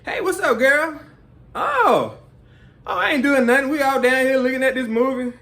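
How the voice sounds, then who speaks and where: Man doing a chatty mother on the phone, high-pitched, loud, laughing, gossipy. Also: lively intonation, moderate pace, full character voice.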